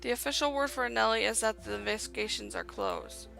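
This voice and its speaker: A woman reads out a grieving young woman soldier commander from a fantasy game, accusing and raw, then clipped and official. The voice sits a little high, bright and edged with some fry. Faint game music plays behind her. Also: huge pitch swings, quick pace, heavily acted. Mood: stiff, formal. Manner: accusing, then stiff and formal.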